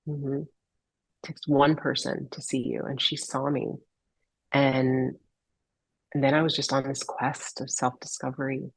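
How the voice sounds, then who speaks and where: A woman's voice: rumbling low, little pitch movement, unhurried, long pauses, husky, no echo, rough recording. A woman guest on a podcast, telling a heartfelt personal story in an earnest, reflective way and sometimes searching for her words. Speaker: podcast guest, holistic healer.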